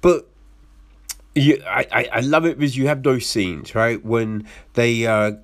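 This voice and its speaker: Young guy ranting slow, swears a lot, keeps restarting, baffled rhetorical questions. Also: medium pitch, fairly even intonation, fairly bright tone. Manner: profane, rambling, frequent restarts. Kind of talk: casual rant about films.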